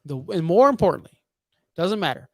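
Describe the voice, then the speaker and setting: A fired-up man co-hosting a podcast, his voice sitting a little high and ranting with heavy emphasis. The sound is dry and close, with no room echo. He piles point upon point without letting up. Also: sing-song, fairly quick, darkish tone. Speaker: podcast co-host. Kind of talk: heated fantasy football talk.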